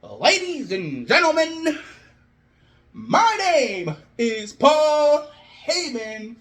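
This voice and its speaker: A man doing an impression of a theatrical wrestling announcer, drawing out each word in a big booming announcement. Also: very animated, very slow, fairly bright tone, heavily acted. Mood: hyped.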